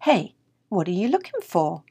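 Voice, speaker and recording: Gentle shy little cat, grandma reading it in a storybook, soft and low-ish. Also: female voice, very animated, moderate pace, husky, no room sound, studio quality, heavily acted. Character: gentle timid house cat, young male.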